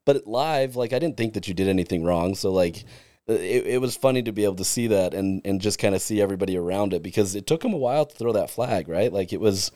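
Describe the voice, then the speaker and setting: A man's voice: lowish voice, lively intonation, quick pace, dark tone, no echo, clean studio sound. A young man in casual chat, rambling as he asks a teammate about a play. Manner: rambling, chatty questions.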